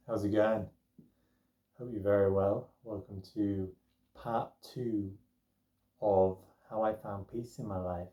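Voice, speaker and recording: A young man rambles through a personal story, chatty and full of fillers. His voice is low and mellow. He sits well back from the mic in an echoey room. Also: steady tone, takes it slowly, pauses often, recorded from a distance. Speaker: vlogger telling a personal story. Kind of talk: casual storytelling.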